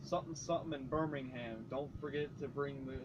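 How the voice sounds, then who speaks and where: A man's voice: medium pitch, steady tone. Jokey male co-host, muffled and noisy. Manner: quick, jokey interjections. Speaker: podcast co-host. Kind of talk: casual profane chat. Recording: muffled with background noise.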